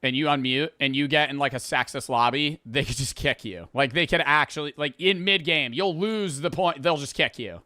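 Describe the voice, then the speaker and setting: A man's voice: on the high side, normal speed, hardly any pauses, pushed and bright, no echo, clean studio sound. A young male co-host in a casual chat, talking animatedly, swearing often and filling his talk with "like". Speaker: podcast co-host.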